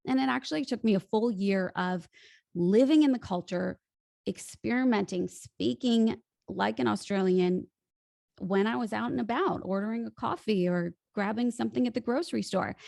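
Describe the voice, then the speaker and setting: Gravelly American woman telling her story. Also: medium pitch, normal speed, no room sound, studio quality. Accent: General American. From United States (Illinois). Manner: animated, storytelling. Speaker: podcast guest, voice coach. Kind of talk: casual interview chat.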